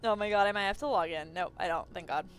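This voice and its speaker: A woman's voice: on the low side, fast talker, smooth, soft background music. A young woman streaming, chatting casually in a rambling way and swearing freely. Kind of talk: casual chat.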